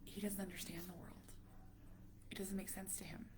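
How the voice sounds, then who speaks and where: A woman around forty talking to camera as a parent vlogger, halting and emotional, dropping to a near whisper at heavy moments. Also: medium pitch, little pitch movement, background noise. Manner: halting, emotional, many restarts. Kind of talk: casual talk to camera.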